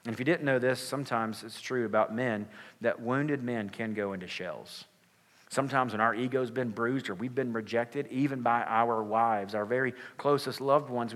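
A man's voice: medium pitch, moderate pace, long reverb tail. A male pastor giving a sermon in an earnest, conversational way, with casual filler words.

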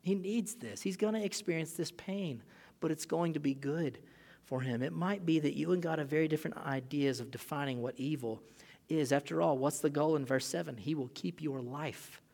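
A man in his thirties preaches with a slightly high voice, loose and conversational, acting out small scenes. His words ring out with a long reverb in a church sanctuary. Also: normal speed, creaky. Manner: animated, conversational preaching with acted-out asides. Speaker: pastor. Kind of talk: sermon.

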